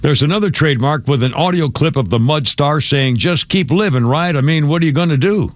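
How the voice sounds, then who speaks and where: A man's voice: fairly high pitch, fairly quick, dry recording. A man hosting a morning radio show, talking in a rambling way with restarts and asides. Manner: rambling, restarts and trails off, chuckles. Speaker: radio host. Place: radio studio.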